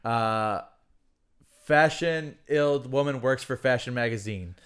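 A man talks loosely on a podcast and curses freely. His voice is smooth and clear. He breaks into laughter while he tells stories with lively energy. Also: mid-range voice, slow. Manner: profane, laughing, animated storytelling. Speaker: podcast co-host. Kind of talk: casual podcast chat.

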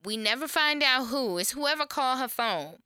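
Podcast co-host, woman, casual storyteller; bright, crisp voice, dry close recording. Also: high-pitched, moderate pace, dry recording. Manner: animated storytelling, acts out quotes, swears freely. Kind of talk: casual chat recapping reality TV.

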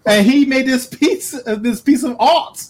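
A man's voice: extremely high pitch, unhurried, a little mellow, voice pushed up. A man voicing a snooty male French art dealer in a shaky put-on French accent, grandiose and theatrical. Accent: French, put on poorly.

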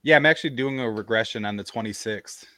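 Speaking quickly in a fairly low voice, a male podcast host spins a story in casual conversation, animatedly performing what others said. The recording is dry.

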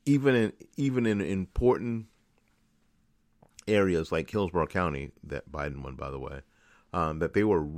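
A man with a deep, low voice rants through a political commentary monologue. He sounds angry and frustrated, and he circles back over the same points again and again. The recording is dry and close, with no room sound. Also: no echo. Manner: angry, ranting, repetitive. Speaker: radio host.

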